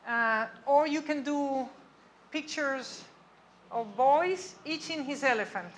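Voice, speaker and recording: Speaking slowly in a high voice, this lecturer talks to her audience conversationally, often asking "okay?" or "right?" to make sure they follow. The lecture room recording carries a little hiss or hum.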